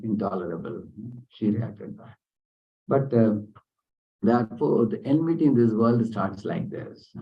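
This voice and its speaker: Guy giving a scripture class, lowish voice, tells stories and quizzes the room, dull lo-fi sound. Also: gravelly. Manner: storytelling, asks the class questions.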